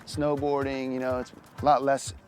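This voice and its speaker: A man's voice: mid-range voice, flat delivery, moderate pace, darkish tone, a little hiss or hum. A man coaching wakeboarding, explaining equipment step by step in a friendly way. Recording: background music.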